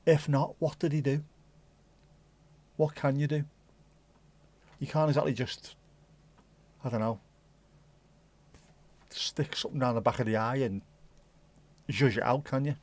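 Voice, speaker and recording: A man hosting a casual livestream, rambling and thinking out loud as he chats to his viewers. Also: medium pitch, fairly even intonation, a little slow, pauses often. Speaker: livestream host.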